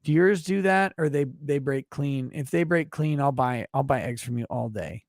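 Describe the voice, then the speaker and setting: A man's voice: medium pitch, normal speed, vocal fry, no echo, studio quality. A man hosting a livestream, reading viewer super chats aloud and answering them in brash, profane, mock-indignant rants. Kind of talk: crude comedic livestream banter.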